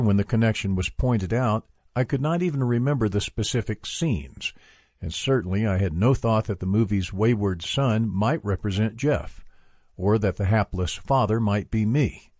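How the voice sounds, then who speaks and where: Man reading a book out loud, low voice, steady, dry recording. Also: slightly rough, dry recording. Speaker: reader for a book club. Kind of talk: reading a memoir aloud.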